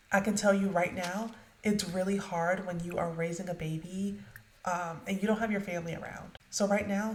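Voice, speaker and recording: A woman's voice: mid-range voice, slight background noise. Chatty woman narrating a life-sim game. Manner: chatty, addresses viewers directly. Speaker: let's play narrator. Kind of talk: casual game commentary. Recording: echoey room.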